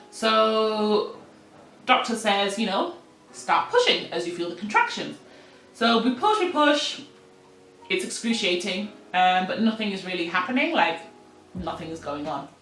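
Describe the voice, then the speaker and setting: A Kenyan woman vlogger telling a personal story to camera in a casual, animated way, acting out what people said with sudden jumps in pitch and bursts of laughter. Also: echoey room.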